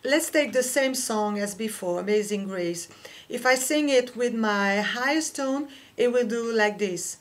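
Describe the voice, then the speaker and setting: A woman whose first language is French, teaching a singing lesson and explaining slowly and carefully with small pauses. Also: fairly high pitch. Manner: slow, careful explaining with fillers. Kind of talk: vocal lesson with sung demonstrations.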